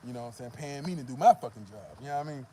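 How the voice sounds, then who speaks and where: A man's voice: mid-range voice, expressive, very fast, warm tone, husky. A man vlogging, telling a profane, rambling story to the camera and filling it with "you know what I mean.".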